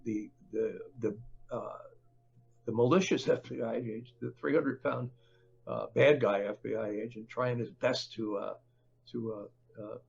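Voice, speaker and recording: An older man, a book author, speaking as a podcast guest in a halting, conversational way with many fillers and restarts. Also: medium pitch, steady tone, gravelly, darkish tone, husky, lo-fi sound. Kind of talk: conversational interview.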